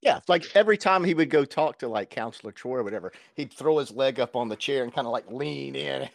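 Man, podcast co-host, casual comedic chat, very animated pitch, dry close sound. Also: fast, gravelly, dry recording. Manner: animated, jokey, puts on silly voices.

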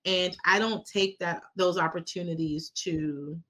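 A woman's voice: lowish voice, fairly even intonation, unhurried, sharp tone. A woman co-hosting a nursing podcast, a nurse educator who jokes along and then talks earnestly about teaching. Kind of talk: casual podcast banter.

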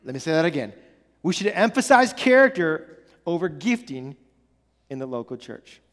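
A male pastor with a notably high voice delivers an earnest sermon, hammering his points by repeating them. His words trail off into a long, ringing reverb from a large hall. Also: big pitch swings, normal speed, fairly bright tone. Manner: earnest, repetitive emphasis with many restarts.

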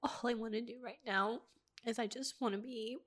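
A young woman hosting a personal podcast alone at home, talking in halting, emotional bursts with restarts and sighs. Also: fairly high pitch, steady tone, a bit bright. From United States. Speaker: podcast host.

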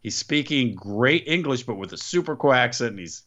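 Animated man recapping with a lively voice. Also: medium pitch, normal speed, dull audio. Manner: animated, jokey, puts on voices when quoting. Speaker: podcast co-host recapping wrestling. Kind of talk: casual chat. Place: studio.

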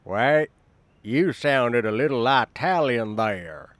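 A man's voice: mid-range voice, lively intonation, slow, a bit bright, no echo. A man voicing a dim, blustering rural character.

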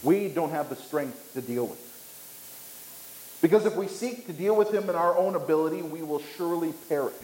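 A man preaching in a church with a fairly high voice and lots of echo around him. His delivery is emphatic, with dramatic pauses and a climbing pitch as he drives each point home. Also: darkish tone, slight background noise. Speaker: pastor. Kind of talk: sermon.

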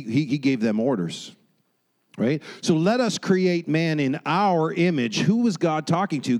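A man's voice: medium pitch, a little mellow, poor audio. A man preaching a sermon, talking emphatically and often checking in with "right?" and "amen?". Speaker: pastor.

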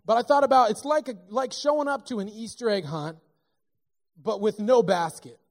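A man with a notably high voice delivers a sermon in a church. He preaches in an animated, casual way, joking with the congregation as he teaches. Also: normal speed. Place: church sanctuary.

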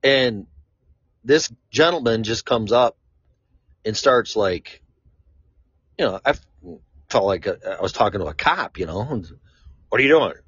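A man's voice: on the low side, animated, a little slow, long pauses, fairly bright tone, husky, no room sound. A man from Chicago talking in a casual, rambling monologue, blunt and free with swearing. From Chicago, USA. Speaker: vlogger. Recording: dull lo-fi, dry sound.

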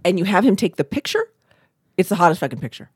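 A woman's voice: sing-song, fast talker, darkish tone, breathy edge, dry recording. A middle-aged woman from Oklahoma co-hosting a podcast, chatting bawdily, laughing often and acting out quotes. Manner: bawdy, laughs often, acts out quotes with swooping pitch. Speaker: podcast co-host. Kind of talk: casual chat.

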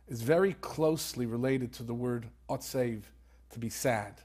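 A man's voice: medium pitch, normal speed, darkish tone. A man, an author and rabbi, telling a story earnestly in conversation and peppering it with Hebrew terms. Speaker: author guest.

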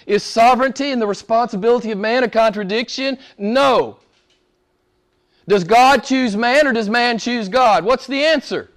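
High-pitched guy preaching in church, pushy and emphatic, drops quiet then gets loud. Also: moderate pace. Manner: emphatic, rhetorical questions, swings between hushed and forceful. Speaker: pastor. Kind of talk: sermon.

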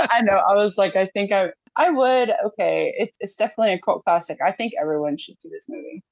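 A woman's voice: medium pitch, fast talker, creaky, no room sound, rough recording. A woman guesting on a podcast, giving a hesitant movie rating in casual chat.

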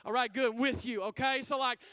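A man with a very high, bright, forceful voice preaches a lively sermon. He talks in casual slang and keeps calling out questions for the room to answer back. The sound is close and dry. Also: brisk, clear, resonant tone, no echo. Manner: energetic, call-and-response with the congregation.

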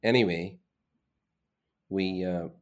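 A middle-aged man tells an animated, swearing story as a guest in a casual chat. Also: low voice, slow pace. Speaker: guest, former player.

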